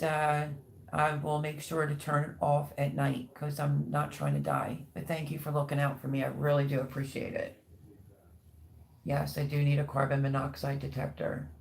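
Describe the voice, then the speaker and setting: A woman hosting a casual livestream, chatting and reading viewer comments aloud with warm, gushing thanks. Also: low voice, vocal fry. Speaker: livestream host.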